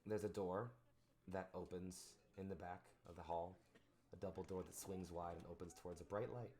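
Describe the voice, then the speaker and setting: A man narrating a tabletop role-playing game as game master, descriptive and animated. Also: sits low, normal speed.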